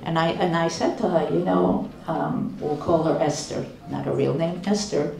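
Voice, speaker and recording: Older woman, rebbetzin, unhurried storyteller with a lowish mellow voice; roomy, distant recording. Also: vocal fry. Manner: slow, measured, with frequent restarts. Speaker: rebbetzin giving a talk. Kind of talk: storytelling lecture.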